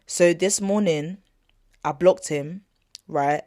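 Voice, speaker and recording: A young woman hosts a podcast, indignantly retelling an argument to listeners in a casual, slangy story full of asides and "not gonna lie" fillers. Her voice is lowish, slow and mellow, captured in a dry, clean studio recording.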